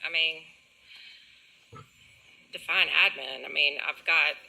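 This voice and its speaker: A man heading an animal center, answering commissioners' questions in a defensive, halting way. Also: a little high, steady tone, vocal fry, sharp tone, rough recording. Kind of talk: public meeting testimony.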